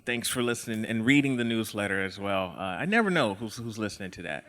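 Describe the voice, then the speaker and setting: A man hosting a podcast interview, talking casually with some halting restarts. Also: on the low side, big-room sound. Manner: casual, relaxed, a little halting. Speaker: podcast host.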